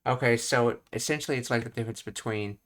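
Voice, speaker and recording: A man's voice: medium pitch, fairly even intonation, quick pace. A man working through a casual language lesson, thinking aloud with fillers and reading out explanations. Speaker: language teacher.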